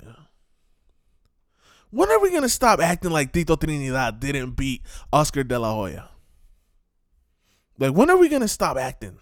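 A man's voice: fairly high pitch, no room sound, clean studio sound. A man giving a casual, ranting monologue full of repeated rhetorical questions and streetwise slang.

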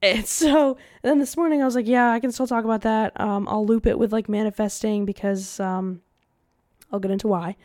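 A woman's voice: on the high side, fairly even intonation, fairly quick, a little mellow, no echo, clean studio sound. A woman in her twenties hosting her own podcast in a casual, candid solo chat, with "like" in nearly every phrase. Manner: chatty and candid, heavy use of "like". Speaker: podcast host.

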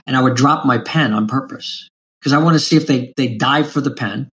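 A man hosting an interview, talking in an energetic, animated way as he tells his own hiring stories. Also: medium pitch, brisk. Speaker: podcast host. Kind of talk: casual interview chat.

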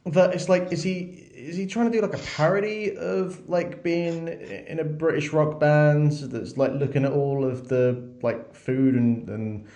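A man co-hosting a podcast in a casual, excitable, swearing chat. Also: on the high side, a little slow, few pauses, roomy sound. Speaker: podcast co-host.

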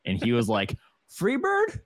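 A man hosting a podcast in casual chat, upbeat and quick to laugh. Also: lowish voice, no echo, clean studio sound. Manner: upbeat, laughing, lively presenter. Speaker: podcast host.

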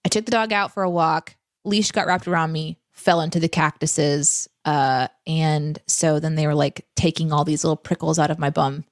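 A woman co-hosting a casual livestream chat, reading viewer questions and telling lively stories. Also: low voice, moderate pace, hardly any pauses, no echo, studio quality.

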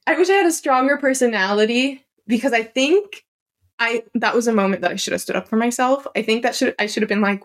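A young woman co-hosting a podcast, telling a personal story in a casual, animated and emotional way, full of "like" and fillers. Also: on the high side, brisk. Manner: animated and emotional, heavy use of "like". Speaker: podcast co-host.

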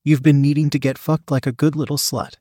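A man voicing a smooth, smoky, dominant lover. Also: on the high side, little pitch movement, brisk, mellow, dry recording, studio quality, close to an everyday voice. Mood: commanding. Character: commanding adult male lover, bold and dominant.

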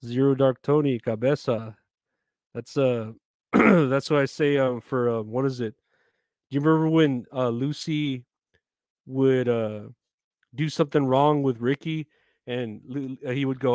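A man's voice: medium pitch, normal speed, dry recording, clean studio sound. A man chatting casually on a live stream, rambling, swearing often and reading out names from the chat.

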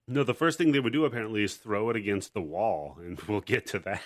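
Brief: male podcast host, lowish voice, crude joking banter, dry close sound. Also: normal speed, dry recording. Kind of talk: casual podcast chat. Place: online chat room call.

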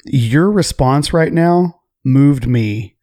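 A man's voice: mid-range voice, animated, drawn-out words, dark tone, dry recording, studio quality. A man hosting a podcast, speaking directly and earnestly to his guest. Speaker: podcast host. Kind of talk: casual podcast talk.

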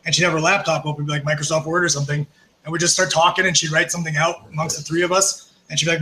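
A man's voice: a little high, very fast, a little hiss or hum, low-quality recording. A man guesting on a podcast, telling backstage stories in a loose, profane way, full of fillers. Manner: animated, profane, lots of fillers. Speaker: podcast guest, former wrestler. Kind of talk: casual storytelling.

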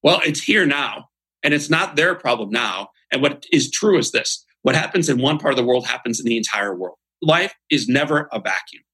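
A man's voice: mid-range voice, lively intonation, normal speed, bright, forceful tone, breathy edge, low-quality recording. A man, a guest on a podcast, giving motivational interview talk in an earnest, emphatic, almost preacher-like way.

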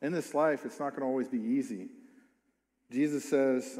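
A man's voice: medium pitch, normal speed, mellow. A man preaching a sermon, reading scripture aloud and then commenting on it with rising emphasis and repeated questions. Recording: long hall reverb.

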